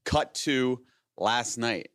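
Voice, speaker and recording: A man's voice: mid-range voice, animated, drawn-out words, fairly bright tone, dry recording, clean studio sound. A man in his late thirties, a podcast host, telling a long story in casual chat, laughing often and acting out the voices of the people in it. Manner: rambling, laughing, acts out quoted voices.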